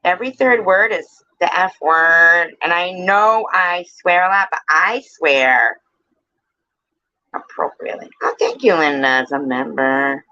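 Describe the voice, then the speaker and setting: A woman's voice: fairly low pitch, a little slow, bright, forceful tone, highs cut off. A woman hosting a casual livestream, chatting with viewers in a playful, teasing way and swearing freely. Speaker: livestream host.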